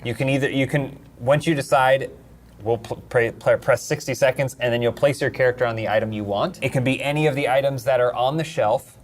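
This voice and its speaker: A man's voice: medium pitch, steady tone, fairly quick, a little hiss or hum. A man hosting a board game session, casually explaining the rules and laughing often with the players. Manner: upbeat, laughs often, talks through rules with restarts. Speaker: game host.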